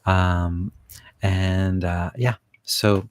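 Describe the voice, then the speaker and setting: A man leading a guided visualization meditation in a soft, gentle, unhurried way, repeating soothing phrases. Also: low-pitched, flat delivery, dry recording. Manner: warm, casual sign-off to live listeners.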